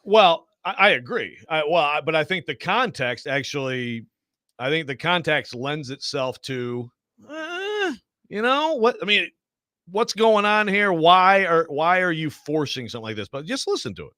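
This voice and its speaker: A man hosting a sports talk radio show, chatty and quick to jump in, steering the conversation. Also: on the high side, lively intonation, bright, forceful tone, no echo, studio quality. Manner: chatty, interrupts, runs the show.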